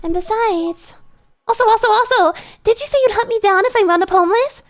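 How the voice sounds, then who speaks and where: Reading game dialogue on stream, a woman plays a young vampire who is behind on her rent, panicking and whining. Her pitch sits extremely high and her pace is fairly quick. The whole delivery is frantic and excitable.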